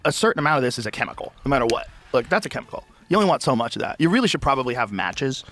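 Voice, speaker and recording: Fast, emphatic man in casual chat. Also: mid-range voice. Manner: animated, emphatic, repeats himself.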